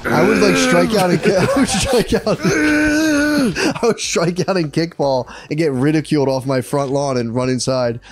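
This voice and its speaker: A man's voice: fairly high pitch, normal speed. A man co-hosting a podcast in casual comedic chat, joking and often slipping into mumbled impressions. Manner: joking, drops into mumbled impressions and frequent laughs. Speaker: podcast co-host.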